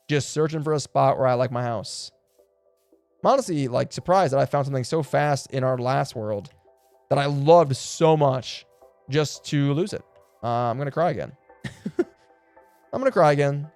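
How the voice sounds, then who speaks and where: A man streaming a game live, chatting casually and excitably, swearing and laughing often, and cooing at the animals he meets. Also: mid-range voice, smooth. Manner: coos affectionately at in-game animals. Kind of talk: casual live gameplay commentary.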